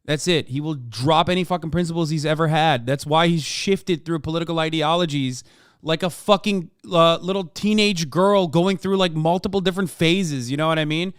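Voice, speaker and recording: Smooth-voiced man ranting on a livestream. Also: on the high side, moderate pace, no echo, studio quality. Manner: heated, ranting, mocking. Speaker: streamer reacting to clips. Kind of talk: casual profane livestream commentary.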